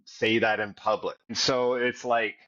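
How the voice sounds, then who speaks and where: A man's voice: lowish voice, little pitch movement, unhurried, sharp tone, dull audio. A man co-hosting a podcast, telling his story of getting sober in a blunt, profane way. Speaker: podcast co-host. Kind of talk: candid recovery podcast conversation.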